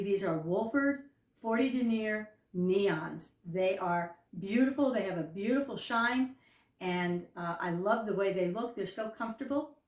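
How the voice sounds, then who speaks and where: Older woman vlogging in an echoey room. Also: mid-range voice. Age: 70s. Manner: chatty storytelling with emphatic slowed phrases. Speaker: lifestyle vlogger. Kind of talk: casual talk to camera. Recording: echoey room, voice from some distance.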